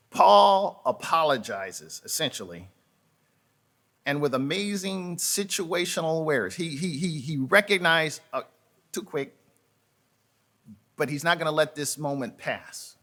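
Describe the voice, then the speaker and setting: Slow, bright-voiced pastor preaching a sermon. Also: male voice, a little high, lively intonation. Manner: folksy storytelling with asides to the congregation; halting, repeats words and restarts. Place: church sanctuary.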